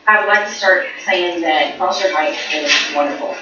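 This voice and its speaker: A woman's voice: lowish voice, moderate pace, over loud music. A woman in her thirties, a mother addressing a school board, speaking earnestly and growing emotional. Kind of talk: public comment at a meeting. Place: large meeting room. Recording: echoey, distant, dull room recording.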